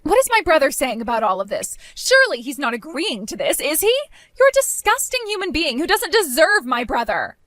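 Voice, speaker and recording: A woman's voice: high voice, big pitch swings, fairly quick, fairly bright tone, dry recording. A woman as a spiteful, mocking young sister. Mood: pleading. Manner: mocking, whiny, pleading. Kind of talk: amateur voice drama.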